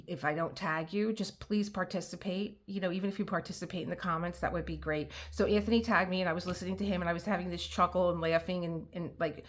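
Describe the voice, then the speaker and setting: A middle-aged woman with a lowish, bright, forceful voice crafts at home and chats casually for her diamond painting vlog. Her talk rambles, she starts sentences over, and she uses frequent fillers and laughs.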